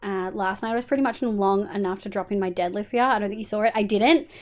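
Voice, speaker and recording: A woman's voice: mid-range voice, quick pace, a little mellow. A young Australian woman streaming live, chatting candidly and thinking aloud while she plays, with casual swearing and fond scolding of her cat.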